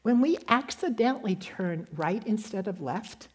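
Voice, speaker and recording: A woman giving a gentle devotional sermon that tells a story and ends in prayer. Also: mid-range voice, expressive, moderate pace, slightly rough. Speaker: speaker giving a devotional talk.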